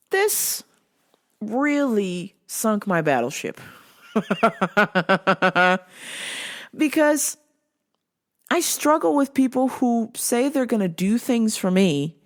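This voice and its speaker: A woman hosting her own show, ranting in a casual, animated and exasperated way, swearing freely. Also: high voice, slow. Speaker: show host.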